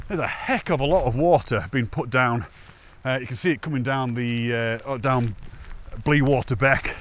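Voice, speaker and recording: A hiking vlogger with a mid-range, fairly bright voice chats casually while walking a wet, windy mountain path outdoors. He's slightly out of breath, laughs often, and pokes fun at himself, with slight background noise.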